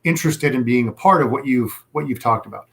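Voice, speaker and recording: A man's voice: medium pitch, fast, vocal fry, a bit bright. A man speaking as a sales coach in a conversational interview, emphatic and repeating his key advice.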